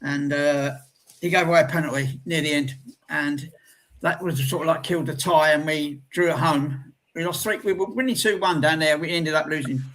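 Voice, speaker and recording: A man's voice: on the high side, steady tone, normal speed, a bit bright. An older man with an Irish accent, telling football stories in a rambling way, full of ums and restarts. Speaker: football fan pundit. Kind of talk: casual chat.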